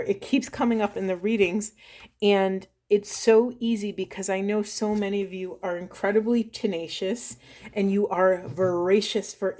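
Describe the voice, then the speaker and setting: A spiritual coach gives an oracle card reading to the camera, her medium-pitched voice soft, earnest, and heartfelt until she becomes tearful.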